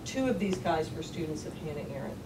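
A woman memoir author talking casually on a panel, frank and salty, cussing freely and quick to laugh. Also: deep voice, animated. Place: lecture hall at a public panel. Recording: distant, echoey, noisy hall recording.

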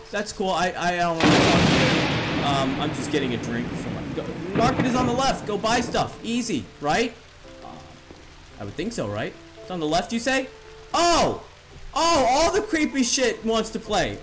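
A man's voice: high-pitched, fairly bright tone. A young man commentating a horror game, joking, swearing and laughing nervously. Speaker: gaming YouTuber.

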